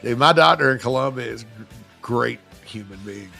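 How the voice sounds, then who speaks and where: Brief: male sports radio host, gravelly edge, bright forceful tone, chatty and joking, faint music underneath. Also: medium pitch. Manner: chatty and joking, quick asides. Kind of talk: casual sports talk.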